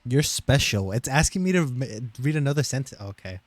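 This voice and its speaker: A man's voice: mid-range voice, animated, brisk, no room sound. A young American man chatting casually with friends on a stream, joking and teasing them and laughing often.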